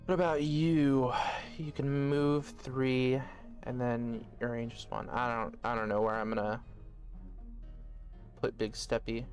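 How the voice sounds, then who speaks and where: A man's voice: mid-range voice, little pitch movement, unhurried, faint music behind. A man giving casual let's-play commentary, joking and thinking aloud as he plays. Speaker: gaming video host.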